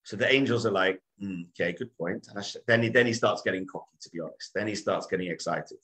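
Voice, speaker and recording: A man's voice: on the low side, fast talker, a bit bright, poor audio. A male rabbi teaching by telling a story, acting out the characters' voices with frequent restarts. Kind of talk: animated storytelling lesson.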